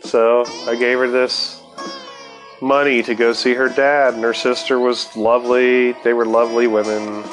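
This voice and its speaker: A man's voice: mid-range voice, level tone, moderate pace. Laid-back, profane man with faint sitar music. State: high. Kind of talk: casual storytelling.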